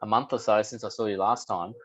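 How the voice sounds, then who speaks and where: A man asking a coach a question, hesitant and halting, over a dull, lo-fi call line. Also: lowish voice, steady tone, a bit bright. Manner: hesitant, with many fillers.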